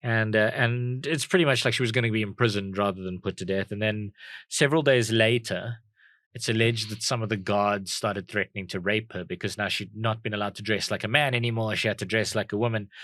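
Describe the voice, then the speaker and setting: A man's voice: on the low side, fairly quick, a bit bright, dry recording. A man co-hosting a casual comedy podcast, telling a history story with many ums and restarts. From South Africa. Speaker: podcast co-host.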